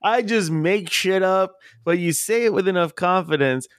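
A man hosts a casual podcast chat in a playful, easygoing way. His voice is smooth and resonant, and the sound is dry and close with little room echo. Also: high voice, moderate pace, fairly bright tone. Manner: chatty, laughs easily, playful. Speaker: podcast host.

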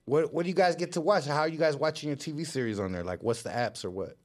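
A man hosting a live talk show, chatting in an excited, slangy way with plenty of swearing. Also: fairly high pitch, quick pace. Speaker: podcast host. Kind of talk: casual live show chat.

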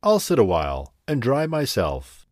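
A man's voice: medium pitch, huge pitch swings, normal speed, a little mellow, dry recording, studio quality. A man voicing a fat, wet, smiling male toad in a storybook reading, cheerful, sing-song and cheeky. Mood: polite.

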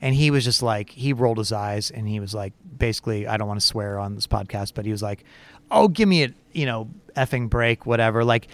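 A man co-hosting a podcast, telling a story in a casual, animated way with plenty of fillers. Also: fairly low pitch, fast, few pauses. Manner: animated, chatty, lots of fillers and laughs. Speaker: podcast co-host.

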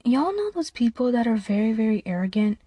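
A woman's voice: on the high side, big pitch swings, brisk, dark tone, husky, dry recording. Playful, rambling young woman podcaster. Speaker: podcast host. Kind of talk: casual solo chat.

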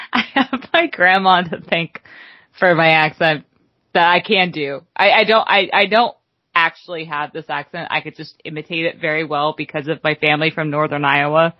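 A woman co-hosting a casual podcast, animated and giggly, joking around with her co-host. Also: low-pitched, moderate pace, no echo, highs cut off. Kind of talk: casual chat.

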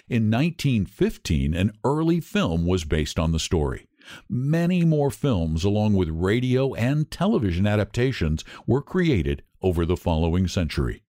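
A man hosting a literature podcast, reading a story aloud in a measured, dramatic way. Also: on the low side, mellow, no echo, studio quality. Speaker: podcast host and narrator. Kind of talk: scripted storytelling narration.

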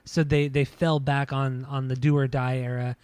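Halting, rambling man in casual chat. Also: medium pitch, little pitch movement, darkish tone, clean tone, no echo. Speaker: podcast co-host.

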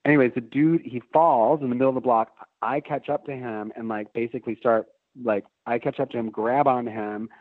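A man's voice: medium pitch, steady tone, brisk, no room sound. A man telling a long story in casual chat, swearing freely and rambling with fillers and restarts. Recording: phone-like narrow band.

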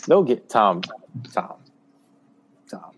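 A man co-hosting a casual sports podcast, matter-of-fact and quick to push back in the debate. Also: lowish voice, very animated, a bit bright, slight background noise.

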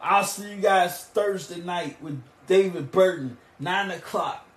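On his solo podcast, a man with a high, bright voice recaps wrestling history and plugs shows at a measured pace. He rambles, stumbles and restarts, then erupts into loud, emphatic questions. The recording is roomy and echoey.

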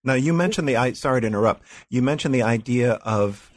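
A man's voice: medium pitch, expressive, fast, dry recording. A man interviewing a guest, asking careful questions with restarts and clarifications. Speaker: interviewer host.

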